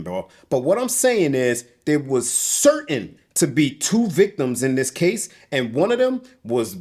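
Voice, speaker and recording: A man's voice: medium pitch, a little mellow. Agitated young man, swearing. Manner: agitated, profane, repeats "bro". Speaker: interview guest. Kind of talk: emotional storytelling. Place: indoors on a couch.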